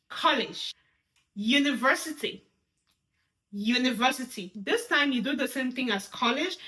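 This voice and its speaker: A young woman leads a beginner sign language lesson in a high, bright voice. She talks slowly and carefully and repeats each word before walking through the handshape. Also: roomy sound.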